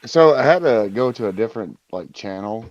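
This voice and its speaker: Low voiced guy rambling on discord, muffled dry mic. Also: animated, brisk, no echo. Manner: loose, rambling with fillers. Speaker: player. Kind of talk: casual game chat. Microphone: online voice chat. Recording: dull dry voice-chat mic.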